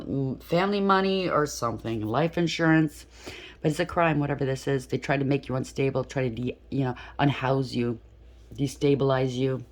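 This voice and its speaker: A tarot reader giving a reading in an emphatic, blunt way, often checking in with the listener and restarting sentences on the fly. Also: medium pitch. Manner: loose and spontaneous, with frequent restarts.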